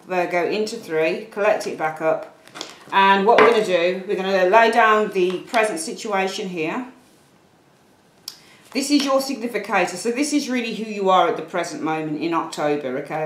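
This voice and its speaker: A woman with a Birmingham accent talks viewers through a tarot spread in a rambling, friendly way, full of asides and apologies. Her voice sits on the low side. The room is echoey, with a faint noise underneath. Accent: Birmingham English. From Birmingham, England. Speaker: tarot reader. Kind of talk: casual tarot reading to camera. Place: room at home, at a table.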